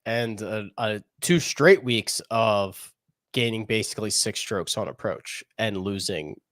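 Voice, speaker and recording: A man's voice: on the low side, unhurried, no echo. Podcast guy rambling about golf picks, dry close mic, goes up and down a lot. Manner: animated, rambling, laughs while talking. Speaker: podcast co-host. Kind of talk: casual golf betting chat.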